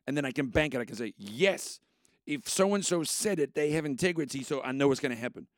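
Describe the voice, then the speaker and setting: A man hosting a daily faith podcast, talking in an excitable, repetitive, preacher-like cadence with sudden shouts while short on sleep. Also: medium pitch, a little fast, no room sound, studio quality. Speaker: podcast host. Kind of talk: energetic motivational faith talk.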